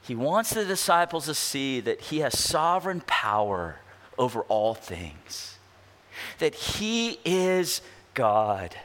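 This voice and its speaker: A pastor delivering an expository sermon, asking rhetorical questions and slowing down to stress key words. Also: male voice, medium pitch, very animated, a bit bright. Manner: emphatic, rhetorical questions, slows down for weight.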